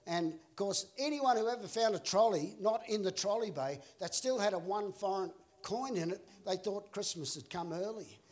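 Male pastor, high-pitched, animated storytelling sermon delivery, chuckles often. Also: normal speed, hardly any pauses. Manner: animated storyteller, acts out characters, laughs along. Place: church auditorium.

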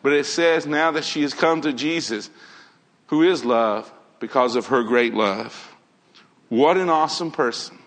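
A man's voice: mid-range voice, a little slow, fairly bright tone. A man preaching a sermon in an earnest manner, repeating key phrases and quoting scripture. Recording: long hall reverb.

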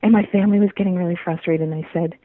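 Lady calling in, tinny dry phone sound, chatty and lively, laughs a lot. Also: fairly low pitch, racing, no room sound. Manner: animated, laughs often, repeats words. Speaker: guest telling a personal story. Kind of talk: casual storytelling.

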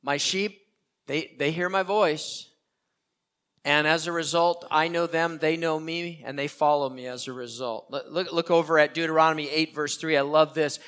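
Older male pastor, earnest sermon delivery with emphatic repetition, slightly higher voice. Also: fairly even intonation, normal speed, fairly bright tone, clear, resonant tone. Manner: earnest, repeats key phrases for emphasis.

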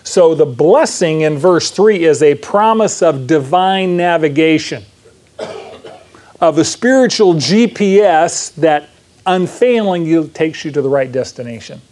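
Preaching man with a higher voice. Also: lively intonation, measured pace, darkish tone. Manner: conversational teaching, frequent "right?" and questions to the audience. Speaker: pastor. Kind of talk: sermon.

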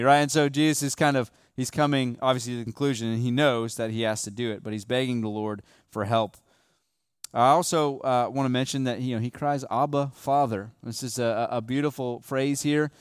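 Male pastor, sermon, young adult, casual and emphatic, smooth resonant voice, dry sound. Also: mid-range voice, steady tone, moderate pace, dry recording. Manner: conversational, often tags lines with "okay?" and "right?"; shifts between hushed emphasis and raised, stressed lines.

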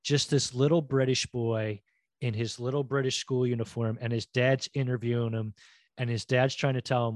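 A middle-aged man co-hosting a podcast in casual chat, telling stories in a rambling, animated way and acting out quotes. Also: medium pitch, normal speed, no room sound. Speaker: podcast co-host.

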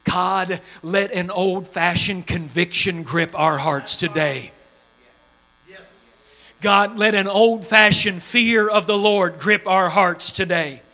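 High, bright-voiced preacher pleading fervently. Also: male voice, slow. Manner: fervent preaching that swings from shouted pleading to low hushed tones. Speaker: pastor. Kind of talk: sermon. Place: church sanctuary before a congregation.

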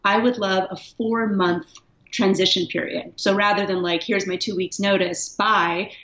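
A woman's voice: mid-range voice, steady tone, measured pace, fairly bright tone. Candid woman in an echoey room. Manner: candid, reflective, laughs often. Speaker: guest, writer. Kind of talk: casual interview. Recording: echoey, dull lo-fi sound.

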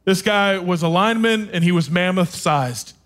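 A man with a notably high voice preaches from a stage. He tells his own story with animated, self-deprecating humor and pokes fun at himself as he goes. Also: moderate pace. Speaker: speaker. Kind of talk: sermon with personal storytelling.

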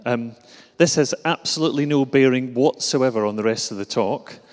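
A man's voice: medium pitch, moderate pace. Glaswegian man preaching a sermon. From Scotland. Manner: relaxed, self-deprecating, with filler hesitations. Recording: reverberant hall.

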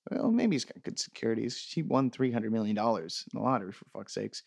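Man, comedy podcast host, sarcastic swearing rants, very animated pitch, dry close sound. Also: fast, creaky, few pauses, no room sound. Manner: sarcastic, profane mock-ranting. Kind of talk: comedic podcast reading listener emails.

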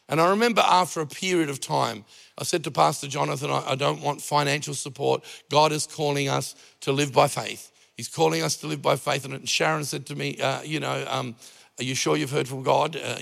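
A middle-aged man preaching in a relaxed, storytelling way, dropping in jokes. His voice is gravelly and sits a little high. The sound carries a long reverb like a large church hall. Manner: conversational preaching with jokes and acted-out anecdotes. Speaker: pastor. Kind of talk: sermon.

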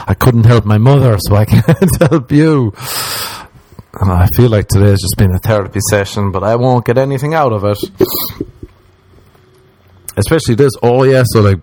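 Speaking at a moderate pace in a warm tone, a young man with an Irish accent delivers a casual storytelling monologue; there's no room sound, but the audio is poor. He comes off laid-back and self-mocking, swears a lot, and mutters low when quoting himself.

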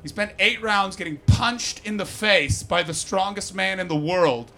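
Bright-voiced, profane man doing stand-up. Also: high voice, measured pace. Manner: profane, animated, crowd-teasing. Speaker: stand-up comedian. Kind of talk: stand-up comedy set. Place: comedy stage before a live audience.

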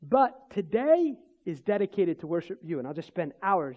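A man's voice: high voice, very animated, moderate pace, highs cut off. A man, a Christian minister, telling a personal faith testimony in conversation, rambling with restarts and chuckles.

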